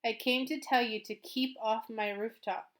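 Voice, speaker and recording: A woman's voice: a little high, fairly even intonation, normal speed, natural voice. A woman voicing a wary, defiant boy who climbs rooftops. He speaks bluntly and curtly and drops in the odd French word. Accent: occasional French words. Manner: blunt, curt and dismissive.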